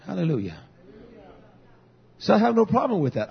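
A man preaching as pastor, telling stories and quoting himself in an animated way. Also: sits high, moderate pace, vocal fry, long pauses, breathy edge, dull audio. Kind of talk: sermon.

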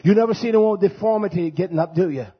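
A husky, high-pitched man preaching a fiery sermon. He swings between loud shouting and low, quiet stretches. The recording is muffled and lo-fi. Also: racing. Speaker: pastor.

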